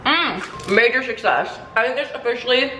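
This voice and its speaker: A woman's voice: medium pitch, expressive, brisk, fairly bright tone, soft background music, poor audio. A young woman from Canada chatting casually and cheerfully while cooking in her home kitchen, with dishes and cutlery clinking behind her. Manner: chatty, bubbly, talks with mouth full. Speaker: vlogger. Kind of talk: casual cooking vlog chat.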